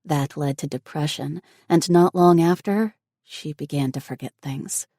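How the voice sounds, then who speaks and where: A woman's voice: low voice, unhurried, dark tone, no echo, clean studio sound. A woman voicing an anxious young woman who grieves for her ill mother, speaking in an earnest, emotional way. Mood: sad.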